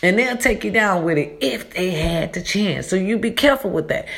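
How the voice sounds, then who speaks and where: A woman's voice: medium pitch, animated, normal speed, creaky. A woman vlogger talking casually in an echoey borrowed room, giving chatty, preachy life advice and calling her listeners baby and y'all. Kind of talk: casual motivational monologue.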